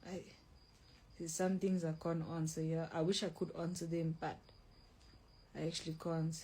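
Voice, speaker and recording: A young woman with a low, warm, slightly breathy voice speaks at normal speed with a flat delivery. She hosts a casual livestream from home, reading viewer comments aloud and answering bluntly, calling herself mean and saying "like" often.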